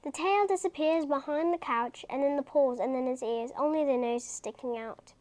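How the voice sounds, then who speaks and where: High-voiced woman reading a storybook aloud. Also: normal speed, darkish tone. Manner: chatty, breaks off into casual asides. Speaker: reader of a children's book. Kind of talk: reading a children's book aloud.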